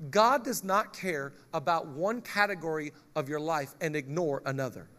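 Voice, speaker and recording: A male pastor preaching a lively sermon, joking with the congregation and reading scripture aloud. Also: a little high, normal speed.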